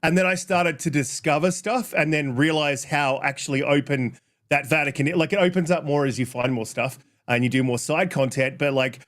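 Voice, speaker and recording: A man with a fairly high voice hosts a gaming podcast. He rambles casually, with many fillers and the odd swear word. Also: fairly even intonation, a little fast, fairly bright tone. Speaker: podcast host reading chat. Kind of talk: casual chat.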